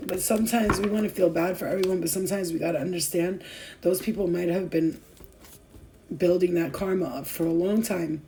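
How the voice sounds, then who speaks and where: A woman's voice: on the low side, steady tone, a little fast, mellow, slight background noise, poor audio. A young woman talking to her viewers in a rambling, heartfelt way, full of fillers and restarts, and tearful at times. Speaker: spiritual vlogger. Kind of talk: emotional casual talk to viewers.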